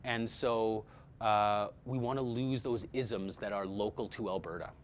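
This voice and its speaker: A man's voice: lowish voice, a little slow, slight background noise. A man teaching a voice-over workshop to a group, talking energetically with many fillers and repeated words. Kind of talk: casual workshop talk.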